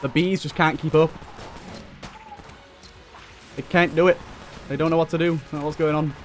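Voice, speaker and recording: A young man giving excitable running commentary while playing a video game, talking back to enemies on screen. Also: a little high, normal speed. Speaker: let's play host. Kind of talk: gameplay commentary. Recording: faint game music behind.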